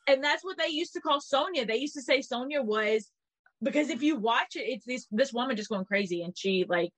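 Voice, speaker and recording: A woman co-hosting a podcast in casual gossip chat, animated and swearing, acting out quotes in little voices. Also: sits high, brisk, no room sound, low-quality recording. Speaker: podcast co-host.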